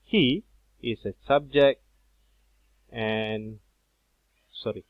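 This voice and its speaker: A man teaching a grammar lesson, explaining slowly and repeating himself with many fillers. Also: medium pitch, no room sound. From Malaysia. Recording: dull, dry lo-fi recording.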